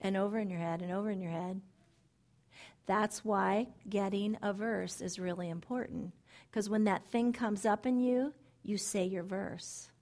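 A middle-aged woman giving sermon-style Bible teaching to women, animated and emphatic, repeating phrases and dropping into soft asides. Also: mid-range voice, a little slow. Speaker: women's ministry speaker.

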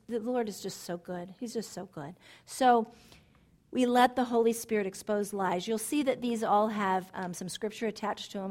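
Speaking at a medium pitch, a middle-aged woman in women's ministry gives an animated, emphatic Bible lesson to women, sermon-style. She often repeats phrases and drops her voice for gentle asides.

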